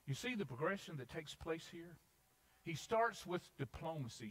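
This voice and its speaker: Male preacher, highish voice, lively swings in pitch, dramatic scripture reading; church sermon. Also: moderate pace, low-quality recording. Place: church sanctuary.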